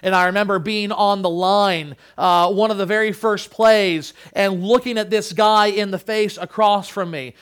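A man's voice: high voice, steady tone, moderate pace, few pauses, a bit bright, smooth. A male pastor preaching a sermon, earnest, often restarting his words.

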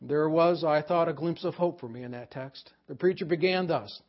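A man pastor preaching a sermon, swinging from loud emphasis to hushed near-whisper. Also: a little high, moderate pace, hardly any pauses. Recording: dull lo-fi sermon recording.

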